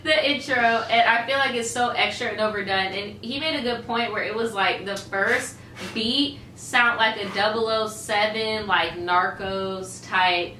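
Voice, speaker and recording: A woman's voice: medium pitch, a little slow, few pauses, pushed and bright, recorded from a distance. A woman co-hosting a podcast in casual chat, chatty and teasing. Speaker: podcast co-host. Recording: echoey room with faint noise.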